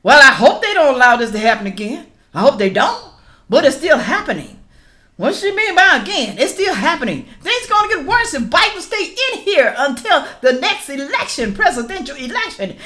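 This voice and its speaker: A woman's voice: high-pitched, normal speed. A middle-aged woman talks straight to her viewers in a casual reaction vlog. Her voice swings widely up and down as she reacts, and she keeps calling them y'all. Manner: animated, addresses viewers as y'all. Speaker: reaction vlogger.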